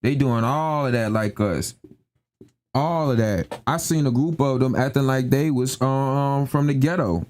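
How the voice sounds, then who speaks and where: On a live stream, a young man rants emphatically in slangy, casual talk, repeating his points and constantly asking "you know what I'm saying." His voice is mid-range, a little mellow, and unhurried.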